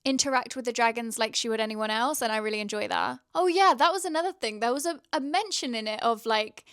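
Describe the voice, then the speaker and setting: A woman's voice: on the high side, fast, a bit bright, clear, resonant tone, dry recording, clean studio sound. A young woman chatting casually in a reading vlog, gushing and rambling with lots of fillers. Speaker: book vlogger.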